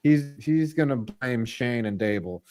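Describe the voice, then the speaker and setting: A man's voice: medium pitch, lively intonation, unhurried, a little mellow. A man co-hosting a casual sports podcast, blunt and jokey, with frequent swearing. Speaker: co-host.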